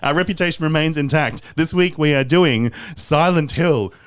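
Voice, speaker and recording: A man's voice: on the high side, normal speed, clear, resonant tone, no room sound, studio quality. A man co-hosting a horror podcast, teasing his friends in playful casual chat and opening the episode. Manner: playful ribbing, mock accents, jokey. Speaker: podcast co-host.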